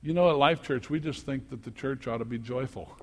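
A man preaching a sermon as pastor, swinging from quiet teaching to loud exhortation and repeating words when worked up. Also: mid-range voice, a little fast. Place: church sanctuary. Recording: long echo of a church hall.

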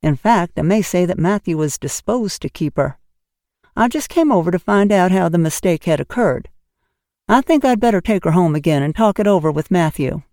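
Woman playing a middle-aged spinster, storybook, severe, brisk, dry close mic. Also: fairly low pitch, expressive, mellow, no echo. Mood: measured.

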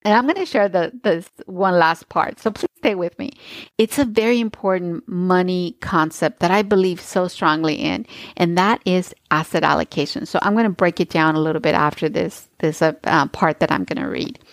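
A woman's voice: lowish voice, moderate pace, no room sound. A woman host reading a book aloud and then commenting on it with gushing enthusiasm.

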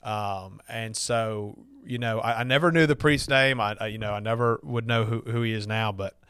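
A man's voice: fairly low pitch, moderate pace, a bit bright, clear, resonant tone. A middle-aged man from Alabama with a Southern accent, casually telling a personal story, chatty and full of fillers and restarts.

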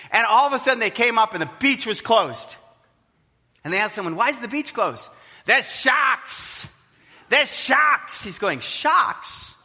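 Man preaching, high lively voice, big hall echo. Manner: animated preaching, acts out quoted voices. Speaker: pastor. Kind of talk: sermon. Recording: long hall reverb.

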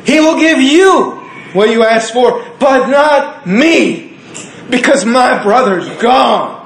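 A man's voice: very high voice, animated, slow, a bit bright, pitched above the performer's own voice, full character voice. A man preaching and voicing a grieving woman who pleads earnestly with her teacher. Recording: echoey room.

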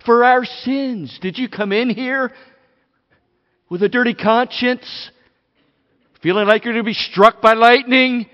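A high-pitched man preaching to his congregation in church, dropping to near-whispers, then rising to loud emphasis. His voice is dull in tone and rings with long reverb from the hall. He talks casually to listeners, calling them "gang". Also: animated, measured pace, pauses often. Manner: dramatic swings from hushed to loud. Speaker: pastor. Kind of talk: sermon.

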